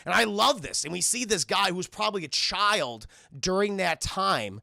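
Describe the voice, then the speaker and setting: Gravelly, bright-voiced man recapping a cartoon. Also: high-pitched, moderate pace, dry recording, studio quality. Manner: animated, profane, recaps scenes with put-on voices. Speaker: streamer reviewing cartoons. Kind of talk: casual chat with live chat.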